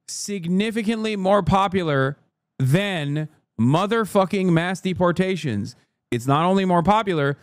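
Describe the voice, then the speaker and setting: A man in his thirties rants at his chat with crude, combative force, his voice sitting high for a man. The close streaming mic leaves the sound completely dry, with no room around him. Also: no echo. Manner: combative, profane, talks straight to chat. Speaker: streamer reacting to news. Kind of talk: profane live-stream rant.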